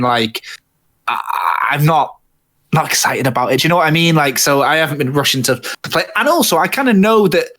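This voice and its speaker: A man chatting on a gaming podcast from home over an internet call. His talk is casual and rambling, with restarts and the odd curse, at a middle pitch. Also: fairly bright tone. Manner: rambling, sweary, many restarts. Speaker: podcast co-host. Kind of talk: casual chat.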